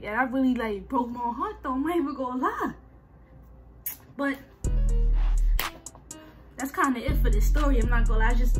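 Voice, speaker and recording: A young woman with a husky voice, telling a storytime vlog in slangy, animated casual talk and repeating herself. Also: fairly high pitch. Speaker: vlogger. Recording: faint music behind.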